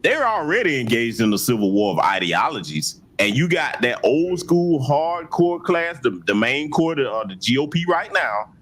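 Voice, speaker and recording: Lively mocking male political commentator. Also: mid-range voice, moderate pace, hardly any pauses, slight background noise. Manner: mocking, preachy, talks back to clips. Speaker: host commenting on political clips.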